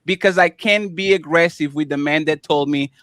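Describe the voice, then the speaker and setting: A man's voice: fairly high pitch, moderate pace, fairly bright tone, no echo, clean studio sound. A man hosting a live panel discussion, stammering and repeating himself as he tries to keep order. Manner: interrupting, moderating, repeats himself. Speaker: panel show host.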